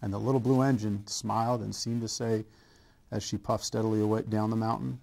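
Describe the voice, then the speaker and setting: Gravelly low-voiced man reading a children's story. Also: little pitch movement. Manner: slow gentle storytelling with small stumbles. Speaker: coach. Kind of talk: children's read-aloud.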